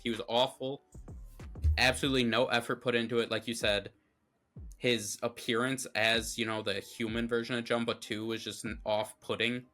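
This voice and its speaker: Blunt, bright-voiced man ranting. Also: fairly low pitch. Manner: blunt, opinionated and ranting, lots of fillers. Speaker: co-host of a movie review show. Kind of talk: casual review chat.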